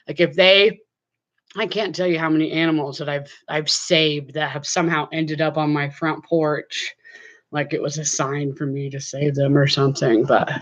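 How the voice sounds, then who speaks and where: A woman's voice: low-pitched, muffled recording. A middle-aged woman chatting casually to camera from her home, rambling with many fillers. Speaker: vlogger.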